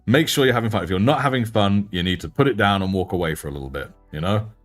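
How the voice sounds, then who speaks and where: Deep-voiced British man chatting casually. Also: quick pace, faint music behind. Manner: chatty and self-mocking, with frequent laughs. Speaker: livestream host and miniature painter. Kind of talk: casual livestream chat.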